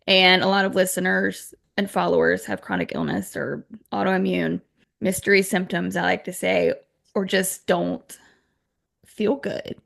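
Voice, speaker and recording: A woman's voice: fairly low pitch, fairly even intonation, unhurried, creaky, a bit bright. A woman in her thirties hosting a podcast, talking in a hesitant, chatty way with repeated words. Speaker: podcast host. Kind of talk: casual interview chat.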